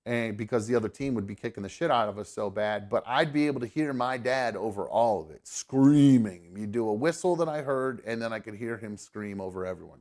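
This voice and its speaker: A young man, a podcast host, telling a story in casual chat, profane and animated, acting out the people he quotes. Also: on the low side.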